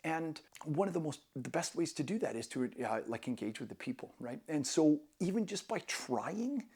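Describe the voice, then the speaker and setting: A man's voice: on the high side, big pitch swings, moderate pace, dark tone, slightly rough. A man vlogging casual travel tips to camera, enthusiastic and rambling, with many restarts.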